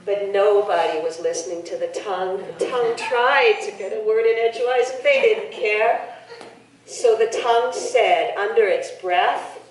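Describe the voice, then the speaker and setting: A woman telling a folk tale to a live audience, playful and lively, bantering with listeners. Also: mid-range voice, moderate pace, crowd noise. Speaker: storyteller. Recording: echoey hall from far off.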